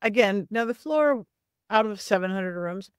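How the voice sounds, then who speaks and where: A middle-aged woman, a psychic medium, telling a story with lively swings in her voice and acting out the people in it. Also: moderate pace, clean tone, no echo, studio quality. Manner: acts out voices in quotes, lively swings of pitch. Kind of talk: animated storytelling.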